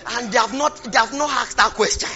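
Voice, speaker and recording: High, bright Nigerian preacher shouting. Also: male voice, brisk, vocal fry. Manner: impassioned, shouting, repeats phrases, speaks in tongues. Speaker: pastor. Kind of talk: fervent sermon. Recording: muffled lo-fi recording with music.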